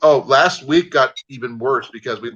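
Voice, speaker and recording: A man's voice: mid-range voice, moderate pace, a bit bright. A man hosting a livestream, chatting casually and easygoingly with callers and often restarting his sentences. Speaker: livestream host. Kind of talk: casual video-call chat. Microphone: livestream call audio. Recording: lo-fi livestream audio.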